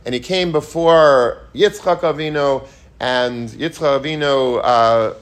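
In this Torah lecture, a man with a medium-pitched voice speaks slowly about the weekly portion. He's earnest and repeats himself, asking rhetorical questions and weaving in Hebrew and Yiddish terms.

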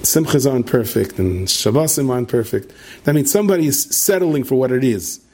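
A man's voice: mid-range voice, lively intonation, fairly quick, a little mellow, slightly rough. A man giving a rambling sermon to an audience, peppering it with "right?". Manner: meandering, asks "right?" often, many restarts. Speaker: rabbi giving a talk.

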